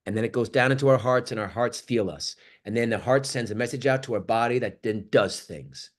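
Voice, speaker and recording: A man giving an animated motivational talk on a video call, swinging from loud exclamations to near-whispers. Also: medium pitch, fairly quick. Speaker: guest speaker on an acting workshop call.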